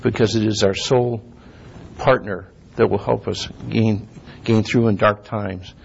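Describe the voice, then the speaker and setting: Man, low gravelly voice, sermon, measured scripture reading, dull lo-fi recording. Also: fairly even intonation, slight background noise. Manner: measured, reads scripture slowly, clears throat often. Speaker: lay preacher.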